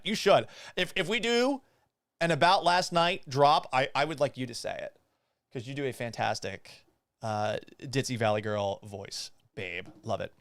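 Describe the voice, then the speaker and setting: A man in his thirties hosting a casual sports talk show, animated and blunt, often swearing. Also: mid-range voice, unhurried, dry recording, studio quality. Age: 30s.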